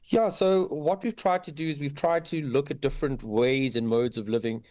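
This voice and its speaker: A man guesting on a radio show as a creative director, talking with many pauses and fillers. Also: fairly high pitch, a little mellow, no echo, studio quality. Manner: hesitant, full of fillers. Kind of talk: radio interview.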